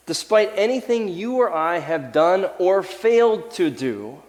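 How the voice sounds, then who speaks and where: A man preaching a sermon as the pastor, lively and animated, sometimes acting out the voices of people in his story. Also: sits high, measured pace, in a large hall. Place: church sanctuary.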